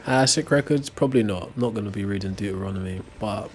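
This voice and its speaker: A man's voice: on the low side, quick pace, darkish tone, slight background noise. An English man with a working-class accent, chatting casually while gaming and often asking "right?". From England. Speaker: streamer.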